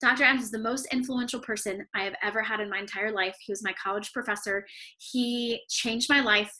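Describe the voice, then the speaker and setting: A woman's voice: on the high side, steady tone, brisk, sharp tone. A woman giving a motivational talk to her sales team, chatty and full of "like" and "okay?", at times close to tears. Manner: emotional, near tears at times.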